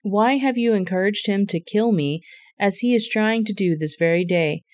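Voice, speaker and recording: A woman voicing an angry, paranoid male king who shouts accusations at his men. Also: medium pitch, normal speed, no echo, studio quality, close to an everyday voice. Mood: accusing.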